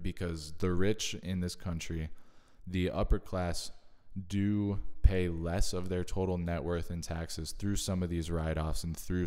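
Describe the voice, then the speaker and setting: A man's voice: deep voice, darkish tone, in a large hall. A man giving a casual, thoughtful spoken summary of books he listened to, adding his own asides. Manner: thoughtful, measured, adds personal asides. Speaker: video creator summarizing books.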